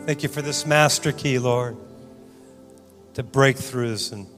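A man preaching a sermon in a church, swinging from loud exhortation to soft, quiet prayer. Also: medium pitch, slow pace. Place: church sanctuary. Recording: church hall reverb with guitar music.

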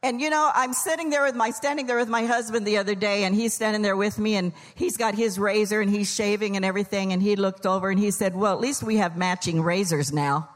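A woman's voice: medium pitch, level tone, quick pace, hardly any pauses, in a large hall. An older woman, a pastor's wife's mother, giving a humorous Mother's Day sermon in church, telling jokes and stories in quoted voices. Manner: folksy, joking, storytelling with quoted voices. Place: church sanctuary.

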